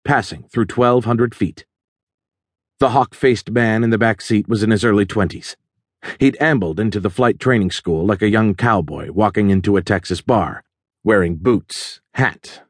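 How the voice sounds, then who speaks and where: Husky-voiced male thriller narrator. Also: lowish voice, no room sound, studio quality. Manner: steady, measured storytelling. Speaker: audiobook narrator.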